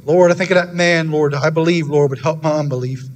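A man's voice: fairly high pitch, steady tone, a little fast, a little hiss or hum. A man preaching a sermon in a church in an earnest, repetitive way, then leading a prayer that keeps calling on the Lord. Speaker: pastor.

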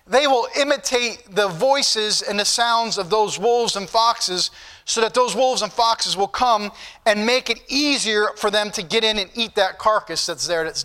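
Bright high-voiced male preacher. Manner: reads scripture aloud in King James wording; addresses the congregation directly. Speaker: pastor. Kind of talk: sermon.

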